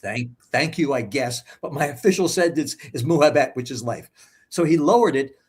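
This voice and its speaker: A man's voice: medium pitch, lively intonation, moderate pace, darkish tone, slightly rough. A man in his seventies, a guest in a casual interview, telling his story bluntly and swearing for emphasis. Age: 70s.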